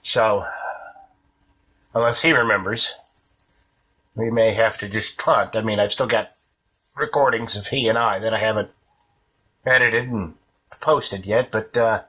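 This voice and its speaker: A sick man talks through a casual solo podcast episode, short of breath and wheezing as he goes. His somewhat low voice still has a bright, forceful edge. He halts every couple of sentences to catch his breath. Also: measured pace, pauses often. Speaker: podcast host. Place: at home with a cat on him.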